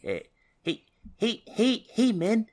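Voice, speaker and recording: A man voicing a high-pitched, joking New Zealand man with a mock New Zealand accent in a sing-song way. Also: huge pitch swings, slow, darkish tone, exaggerated voice.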